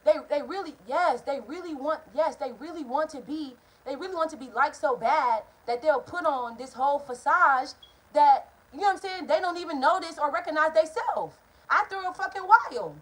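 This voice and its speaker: A young woman tells a story from her own life in a loose, cursing vlog manner. Her voice sits a bit high, and she jumps from loud outbursts to hushed asides. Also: normal speed, poor audio. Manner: animated, profane, swings between loud outbursts and hushed asides. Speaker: vlogger. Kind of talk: casual storytime.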